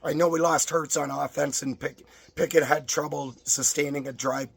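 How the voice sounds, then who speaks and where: Hoarse man reading betting picks. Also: a little high, fairly even intonation, moderate pace. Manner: rattles off stats in list form. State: hoarse, strained voice. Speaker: sports betting tipster. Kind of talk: casual betting picks and rant.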